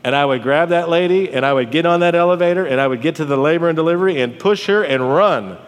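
Earnest preacher in a reverberant hall. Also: male voice, fairly high pitch, quick pace. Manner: earnest and conversational, storytelling asides. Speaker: pastor. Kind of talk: sermon. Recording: long church hall reverb.

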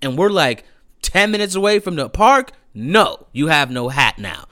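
A man's voice: a little high, sing-song, moderate pace, pushed and bright, pitched above the performer's own voice. A man voicing his father scolding a child, exasperated and raised. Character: stern scolding dad, fed up.

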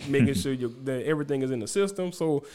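A man's voice: medium pitch, fast, crowd noise. Laid-back man talking shop as a guest. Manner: relaxed, repeats words when starting sentences. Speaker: guest basketball coach. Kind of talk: casual podcast chat.

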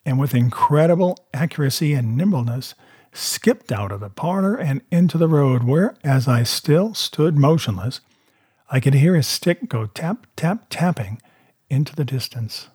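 Husky-voiced man narrating a novel with steady, measured delivery. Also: on the high side, no room sound, clean studio sound. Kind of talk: reading a novel aloud.

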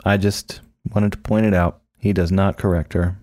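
A man's voice: sits low, flat delivery, moderate pace, mellow, no room sound, clean studio sound. A man co-hosting a podcast, chatting casually about a film and acting out lines in playful voices. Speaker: podcast co-host. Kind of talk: casual film commentary chat.

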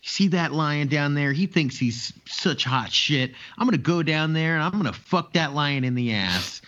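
A man's voice: on the high side, lively intonation, moderate pace, a bit bright. A man voicing a cocky male gorilla at a zoo, boastful and blunt, in a slightly dull recording.

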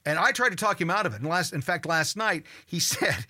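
A man in his sixties hosts a call-in radio show in a high, bright voice. He talks in an animated, worked-up way, stumbling over repeated words and cursing when something annoys him. There is a clear, forceful edge to his delivery. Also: quick pace. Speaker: radio talk show host.

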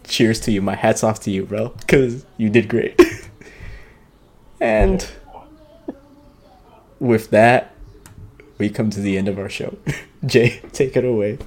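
A man's voice: lowish voice, animated, slow pace, pauses often. A man co-hosting a soccer podcast, giving profane, mocking rants and laughing at his own jokes. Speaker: podcast co-host. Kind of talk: casual soccer banter.

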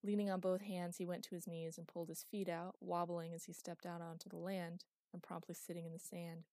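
A woman's voice: on the low side, flat delivery, brisk, warm tone, no echo. Woman narrating a novel. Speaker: audiobook narrator. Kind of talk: scripted narration.

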